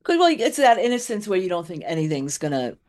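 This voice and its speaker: A middle-aged woman co-hosting a loose conversation, her voice sitting a little low. She wanders through memories in long, meandering sentences and laughs easily along the way. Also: big pitch swings, fast, darkish tone. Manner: rambling, laughing storyteller. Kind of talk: casual chat.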